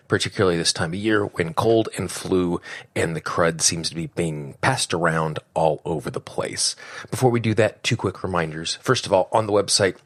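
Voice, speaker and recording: A man hosting a podcast, talking straight to his listeners in a friendly way while fighting a cold that has made his voice deeper than usual. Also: a bit bright, slightly rough, no room sound. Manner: friendly, direct address to listeners. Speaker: podcast host. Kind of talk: solo podcast talk.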